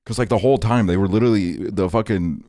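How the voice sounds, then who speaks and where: A man's voice: fairly low pitch, quick pace, mellow, no echo. A young man streaming, chatting casually with his viewers in a rambling, profane way, leaning on "like" as filler. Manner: reads and answers chat messages. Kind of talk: casual livestream chat.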